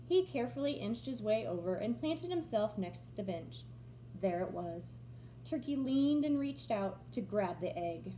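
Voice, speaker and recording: A woman's voice: medium pitch, unhurried, a little hiss or hum. A woman teacher reading a picture book aloud to young children, expressively. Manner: expressive, storytelling. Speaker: first grade teacher. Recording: roomy echo.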